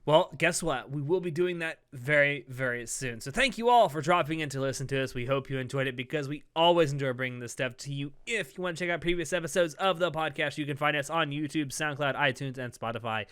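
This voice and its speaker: A man co-hosts a relaxed podcast conversation with a bright, smooth voice. He is chatty, laughs easily and talks through plot points at length. His voice sounds dry and close, with no room around it. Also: fairly high pitch, brisk, few pauses, dry recording. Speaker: podcast co-host. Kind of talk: casual podcast review chat.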